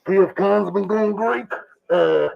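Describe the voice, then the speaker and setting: A man's voice: high-pitched, unhurried, vocal fry. A man answering as a convention guest, playful and joking about wrestling. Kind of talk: casual interview answers. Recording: dull lo-fi sound.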